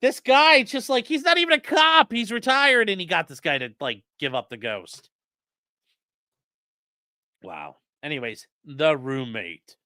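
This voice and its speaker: A man doing live-stream commentary for his chat, profane, excitable and sarcastic. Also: sits high, a little slow, dry recording, clean studio sound. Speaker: streamer reading court documents to chat.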